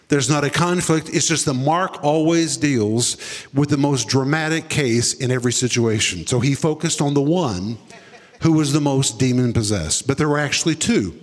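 A male preacher telling a story in a sermon, dramatic, dropping to deep low tones for quoted lines. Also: big-room sound.

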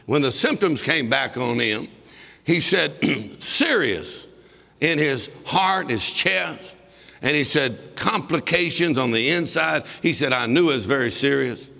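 A man's voice: mid-range voice, expressive, unhurried, creaky, bright, forceful tone. A man preaching a sermon, telling a story and breaking into bursts of laughter as he exhorts. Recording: long reverb of a large hall.

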